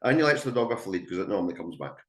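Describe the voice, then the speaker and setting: Scottish guy teaching dog training to a room, lowish voice, kinda echoey, animated and chatty. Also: rapid-fire. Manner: chatty and emphatic, acts out calls to a dog. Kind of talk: webinar talk to a live audience. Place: indoor room with an audience.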